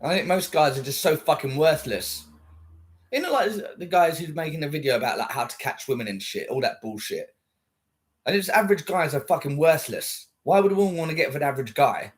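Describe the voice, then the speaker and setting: A young man in casual chat, blunt and sweary, with an animated delivery. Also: on the high side. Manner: blunt and sweary, animated, quoting others in put-on voices.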